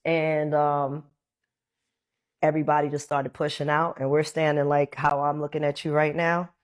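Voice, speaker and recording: A woman's voice: sits low, moderate pace. A woman being interviewed, telling a long casual story and acting out what people said in other voices. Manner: animated, acts out quotes in other voices. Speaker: interview guest.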